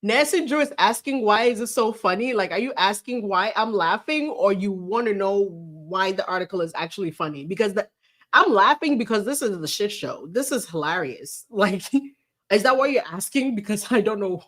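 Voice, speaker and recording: Over a livestream camera setup, this host offers casual commentary on celebrity news, reading an article out loud and laughing often as she ridicules it with sarcasm and disbelief. She talks at normal speed in an expressive, mid-range voice that's a bit bright.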